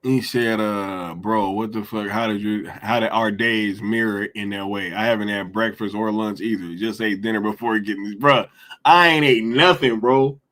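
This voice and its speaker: A man's voice: on the low side, fairly even intonation, normal speed, a bit bright. A man hosting a casual livestream, chatting in slang, reading viewer comments aloud and laughing often. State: hungry after a long day. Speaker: livestream host.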